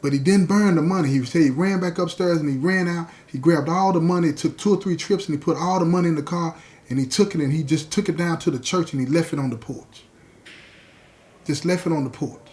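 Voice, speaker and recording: A man hosting a podcast, retelling a story in an animated, conversational way and speaking directly to his listeners. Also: a little high, fairly quick. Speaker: podcast host.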